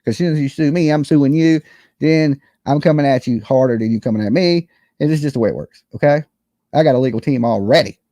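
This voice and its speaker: A man's voice: mid-range voice, fast, warm tone, dry recording. A man hosting his own online show, ranting in a casual, boastful and joking way, swearing freely and asking his listeners if they follow him. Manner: boastful, profane, jokey, keeps asking "you know what I'm saying".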